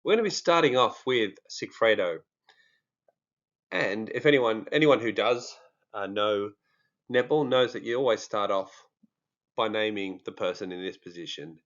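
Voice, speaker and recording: A man's voice: fairly low pitch, normal speed, a bit bright, muffled recording. A man with an Australian accent, talking casually and jokingly to his viewers, with many fillers. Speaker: true crime vlogger. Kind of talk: casual monologue to camera.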